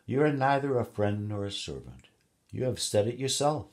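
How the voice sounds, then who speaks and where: A man reading a story aloud and voicing a wise, firm woman who speaks louder and higher than his narration. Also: sing-song, normal speed. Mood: firm, mocking. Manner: raised, laughing, commanding.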